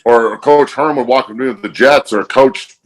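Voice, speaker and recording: A man's voice: mid-range voice, moderate pace, low-quality recording. A man hosting a podcast, talking bluntly and emphatically in casual chat, with frequent swearing. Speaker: podcast host.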